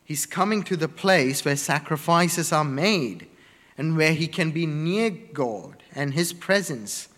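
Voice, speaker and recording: A man preaching a sermon, slow and deliberate, stressing words one by one in emphatic lists. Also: fairly high pitch, expressive, a bit bright, big-room sound.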